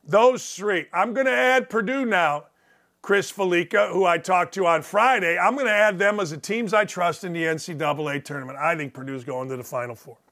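Middle-aged male sports host, high bright voice, blunt and ranting, sarcastic, curses. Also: brisk. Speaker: sports talk show host. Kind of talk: opinionated sports commentary monologue.

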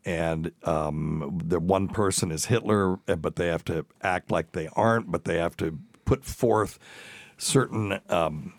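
A man's voice: sits low, unhurried, no echo. A man co-hosting a podcast in casual chat, laughing often and reading clips aloud. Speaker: podcast co-host.

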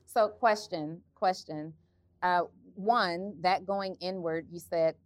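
A woman's voice: lowish voice, fairly even intonation, slow, no room sound. A woman on a discussion panel, asking direct, teasing questions.

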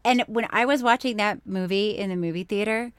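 Give me a woman co-host in casual conversation, an animated storyteller who breaks into loud laughs. Her voice is mid-pitched, and it sounds dry and close, with no room around it. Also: fairly quick, clean tone, no echo. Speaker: podcast co-host. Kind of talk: casual chat.

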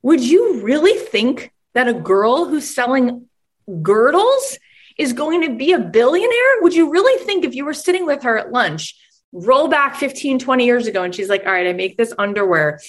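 A woman hosting a podcast, giving energetic coaching talk and acting out voices of the people in her stories. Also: high-pitched, moderate pace. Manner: enthusiastic, acts out quoted voices. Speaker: podcast host and business coach.

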